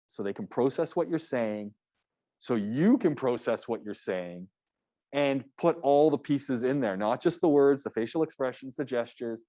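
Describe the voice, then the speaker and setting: A man with a warm, medium-pitched voice teaches a public speaking class, giving feedback in a relaxed, conversational coaching style. He restarts his sentences often, and the audio has no echo.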